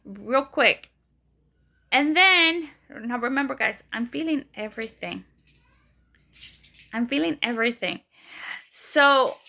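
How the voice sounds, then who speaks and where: Bright high-voiced young woman vlogger. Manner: animated retelling, acts out quoted voices, many fillers. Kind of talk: casual storytelling.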